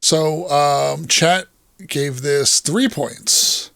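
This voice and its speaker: A man with a mid-range voice in a dry, close-sounding setup, co-hosting a relaxed chat about movies. He talks in an easygoing way and drops casual swears. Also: fairly high pitch, extremely slow, vocal fry, dry recording. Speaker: podcast co-host. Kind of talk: casual chat, scoring trailers.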